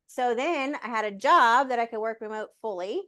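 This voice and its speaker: Woman, slightly high voice, chatty storyteller, lots of fillers, acts out dialogue. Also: normal speed, a little hiss or hum. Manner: animated, many fillers, acts out her talks with the universe. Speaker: guest sharing a personal story. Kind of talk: casual conversational storytelling.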